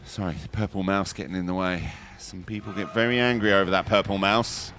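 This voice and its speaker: Low-voiced man commentating with excited outbursts. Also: a little fast, a little hiss or hum. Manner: chatty, jokey, bursts into excited high exclamations. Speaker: esports commentator. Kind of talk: live game commentary.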